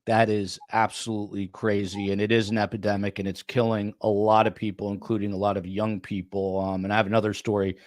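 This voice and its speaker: Rambling low-voiced male podcast host. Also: level tone, brisk, hardly any pauses, a little mellow, no echo, clean studio sound. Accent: New York. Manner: loose, rambling, many fillers. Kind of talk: casual interview chat.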